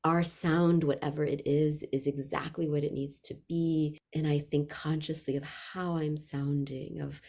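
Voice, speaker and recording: A woman vocalist and voice workshop leader talking in an interview, expressive and shifting freely in loudness and pace. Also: low voice, unhurried, hardly any pauses. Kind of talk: reflective interview conversation.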